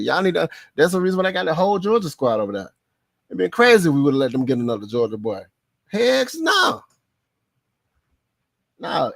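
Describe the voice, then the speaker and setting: A man hosting a casual sports podcast, excitable and slangy, laughing often as he talks. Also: fairly high pitch, no echo, clean studio sound. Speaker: podcast host.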